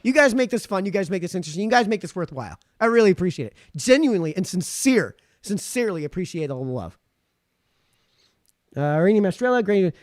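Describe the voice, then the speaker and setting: A talkative man with a fairly high voice hosts a live stream, reading viewer comments aloud and rambling on between them. His throat sounds sore after hours of talking, and the sound is close and dry with no room echo. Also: fast talker. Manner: chatty, rambling, animated. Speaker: livestream host.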